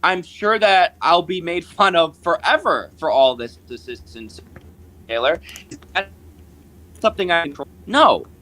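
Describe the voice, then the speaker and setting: A man arguing as a guest on a live stream, combative and mocking, firing sharp jabs back at the host. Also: fairly high pitch, expressive, a little slow, low-quality recording. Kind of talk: heated live-stream argument.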